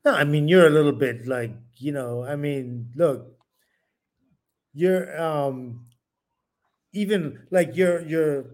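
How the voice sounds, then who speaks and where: A man's voice: on the high side, takes it slowly, long pauses, darkish tone. A man co-hosting a podcast, pushing back on his partner in casual debate and laughing easily. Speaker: podcast co-host.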